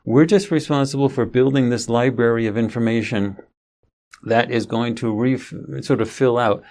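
A man's voice: medium pitch, moderate pace, a little mellow. A middle-aged man giving an interview, telling a long story in a rambling way with frequent restarts. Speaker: interview guest. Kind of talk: conversational storytelling.

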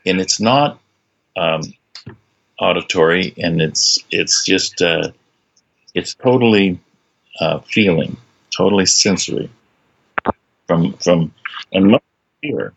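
A man speaking as an interview guest, talking haltingly with many fillers and restarts. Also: low voice, vocal fry, husky, highs cut off. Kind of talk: conversational interview.

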